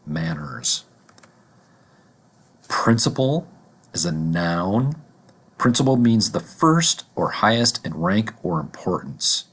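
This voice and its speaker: Low husky-voiced man teaching vocabulary. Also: very animated. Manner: deliberate, repeats each word and example. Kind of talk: vocabulary lesson.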